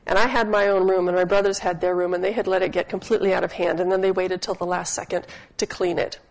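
A woman's voice: on the low side, level tone, fast talker, poor audio. A woman preaching a sermon in a chatty, humorous storytelling way, often asking her listeners questions. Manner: asks the audience questions.

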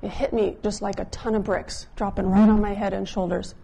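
Woman, pastor, sermon storytelling, conversational, mellow warm tone. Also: mid-range voice, little pitch movement, brisk, vocal fry, breathy edge. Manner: conversational, drops softer when quoting others.

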